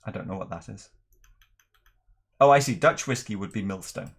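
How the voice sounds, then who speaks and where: A middle-aged man from Northern Ireland, with an accent mixed with English, hosting a relaxed whisky livestream and chatting through viewer questions. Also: fairly low pitch, normal speed, vocal fry, husky. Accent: mixed Northern Irish and English. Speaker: whisky channel host. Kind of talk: casual livestream chat.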